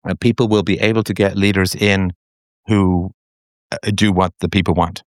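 Low-voiced man hosting a call-in show. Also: fairly even intonation, dry recording, clean studio sound. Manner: measured, reflective, with repeated phrases and fillers. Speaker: show host taking callers.

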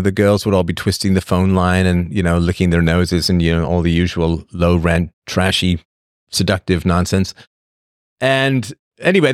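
A man's voice: sits low, no room sound, clean studio sound. A man hosting a show, talking casually in a rambling monologue and answering the chat. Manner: rambling, with acted voices and asides.

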